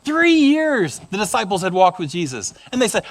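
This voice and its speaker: A middle-aged male pastor giving a sermon, an animated storyteller who acts out the voices in his stories. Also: high-pitched, normal speed, hardly any pauses.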